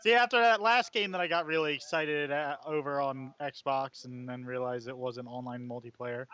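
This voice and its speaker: A man's voice: medium pitch, moderate pace, bright, forceful tone, clean tone. A man co-hosting a casual podcast, joking and teasing as he rambles about games. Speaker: podcast co-host. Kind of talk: casual chat. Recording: dull lo-fi microphone.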